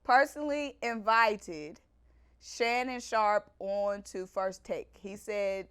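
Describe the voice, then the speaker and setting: A woman's voice: medium pitch, slow, fairly bright tone, smooth. A woman hosts a casual sports debate, talking in an easy, conversational way. She keeps the tone playful and presses her guest with questions. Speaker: host.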